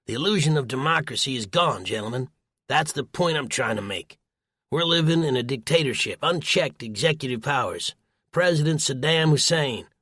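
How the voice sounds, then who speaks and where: A loud, blustering older prepper barges through the scene, as a male audiobook narrator puts him on. He rants and shouts at a mid pitch. The read is close and completely dry. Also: expressive, moderate pace, no echo. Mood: ranting.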